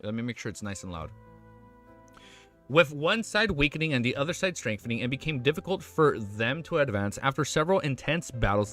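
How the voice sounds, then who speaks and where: A young man livestreaming, chatting casually with his chat and reading a web novel aloud, excitable and swearing freely. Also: medium pitch.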